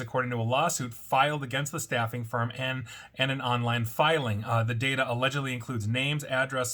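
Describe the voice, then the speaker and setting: A man hosting a weekly cybersecurity news roundup, reading items briskly and adding wry asides. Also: medium pitch, bright, forceful tone.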